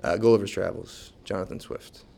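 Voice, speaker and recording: Man, special ed teacher, relaxed, reflective, low voice. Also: brisk, gravelly. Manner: relaxed, reflective, many fillers. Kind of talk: casual interview talk.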